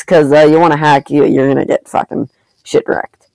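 A man's voice: on the high side, steady tone, normal speed, gravelly, darkish tone, no echo, low-quality recording. A man giving casual gameplay commentary, frustrated, swearing and ranting at other players. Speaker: gamer recording his play.

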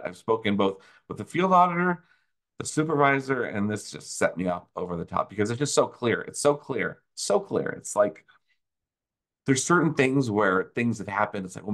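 A man hosting a video, explaining a tax audit problem in an angry, sarcastic rant and repeating phrases for emphasis. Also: fairly low pitch. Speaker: tax consultant host.

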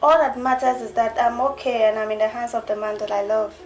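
Woman playing a young ghanaian daughter, soft and high, echoey room. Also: fairly even intonation, a little fast, lightly acted. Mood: defiant. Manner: soft, soothing. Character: young daughter, soothing her mother, then a defiant runaway. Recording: echoey room with music behind.

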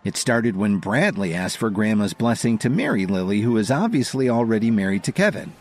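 A man narrating a dramatic audio story in a scripted, expressive manner. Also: on the low side, a little fast.

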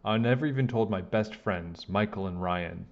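A man reading a children's chapter book aloud, with animated, expressive storytelling. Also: fairly low pitch, normal speed, lo-fi sound. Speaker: storybook reader.

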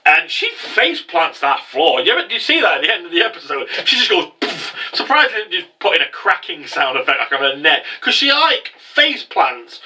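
Man, excitable rambling recap, very bright tense voice, slightly high, a bit distant from the mic. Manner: rambling, excitable, mocking impressions of characters. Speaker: anime episode reviewer. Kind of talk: casual spoken recap.

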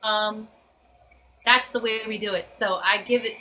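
Brief: woman guest, voice actor, chatty, crisp bright tone, faint hiss behind. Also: mid-range voice, unhurried, rough recording. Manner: chatty and animated, with many fillers and restarts. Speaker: voice actress guest. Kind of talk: casual interview chat.

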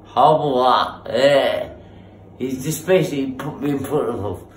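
A man's voice: mid-range voice, normal speed, roomy sound, slight background noise. A drunk man, bantering with mates and throwing out boisterous, sweary mock threats, picked up on a phone camera. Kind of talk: casual banter among mates.

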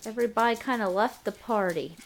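A woman's voice: fairly high pitch, a little fast, slight background noise. A woman filming her dogs' birthday party at home, cooing baby talk to them and laughing often. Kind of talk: home video chat, baby talk to dogs. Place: home, indoors. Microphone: handheld camcorder.

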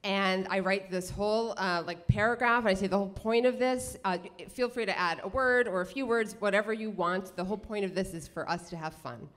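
A woman telling a funny personal story live on stage, chatty and animated, with many fillers and self-corrections. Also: medium pitch, a little fast, hardly any pauses. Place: cultural center stage before an audience.

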